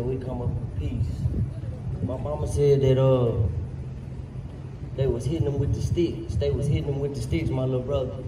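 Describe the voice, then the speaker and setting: At a public rally, a man with a mid-range voice gives an impassioned, fierce and defiant speech for his brother who died, sometimes rising to shouts. The outdoor recording is distant, echoey and noisy.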